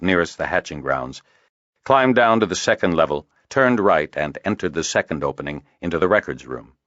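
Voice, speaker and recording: A man narrating a fantasy audiobook in a measured storytelling manner. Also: rumbling low, fairly bright tone, no echo, dull audio. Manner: measured storytelling, varied intonation. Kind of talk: scripted narration.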